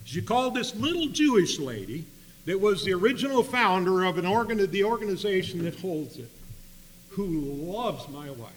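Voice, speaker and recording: A man telling a story in a sermon, swinging between loud emphatic bursts and quiet asides. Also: sits high, sing-song, moderate pace. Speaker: preacher. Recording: long hall reverb with faint hum.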